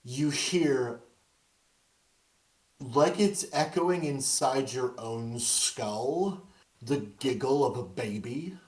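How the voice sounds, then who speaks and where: A tabletop game master narrating a horror scene slowly and deliberately, drawing out each line for suspense. The voice sits at a middle pitch, and the recording sounds roomy and echoey. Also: lively intonation. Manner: slow, drawn-out suspenseful narration.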